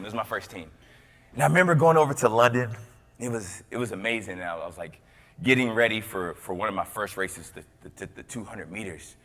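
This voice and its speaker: A young man gives a motivational keynote, telling his story with big swings between loud bursts and near whispers. His voice is bright and forward. It rings out with a long reverb through a large hall. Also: mid-range voice. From Tennessee. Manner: storytelling with lively swings from loud to hushed, repeats words. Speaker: motivational speaker.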